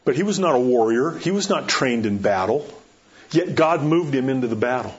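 A man's voice: medium pitch, expressive, moderate pace. Pastor guy giving a sermon, repeats rhetorical questions, muffled lo-fi sound. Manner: emphatic, rising in storytelling. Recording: dull lo-fi recording.

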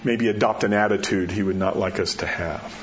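Folksy preacher man, soft hushes. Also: on the low side, fairly even intonation, fairly quick, dull audio, slight background noise. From New Mexico. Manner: folksy storytelling, drops to a soft hush at key words. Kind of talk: sermon.

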